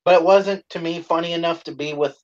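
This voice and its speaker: A man chatting casually on a live stream, his voice sitting a bit high for a man. He swears freely, laughs often and shouts out the lines he quotes. The sound is dull and lo-fi. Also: fairly even intonation, a little fast. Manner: profane, laughing, acts out quoted lines loudly.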